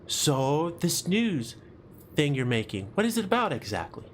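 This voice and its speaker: Brief: man putting on a high, teasing young woman from a game story, a light, quick poke at a friend. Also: very animated, a little hiss or hum.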